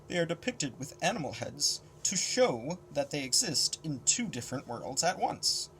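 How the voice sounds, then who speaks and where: A man reading the lines of a calm, learned older male mentor in a measured, explanatory way. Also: a little high, a little hiss or hum, low-quality recording. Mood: explaining. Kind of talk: audiobook character reading.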